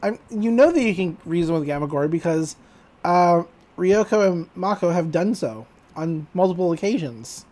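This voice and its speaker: A woman's voice: fairly low pitch, lively intonation, moderate pace, warm tone. A woman co-hosting a podcast, chatting casually and recapping an episode while briefly acting out the characters' lines. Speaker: podcast co-host.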